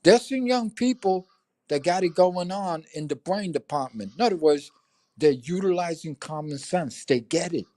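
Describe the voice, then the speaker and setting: High-voiced older New York man, profane. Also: expressive, normal speed, dark tone, dry recording. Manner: profane, storytelling, street talk. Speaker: livestream co-host. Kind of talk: casual chat.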